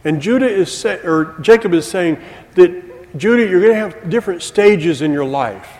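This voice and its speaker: A man's voice: high voice, expressive, normal speed, darkish tone. A middle-aged man preaching a sermon as a teacher, with folksy joking asides to the congregation. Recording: long hall reverb.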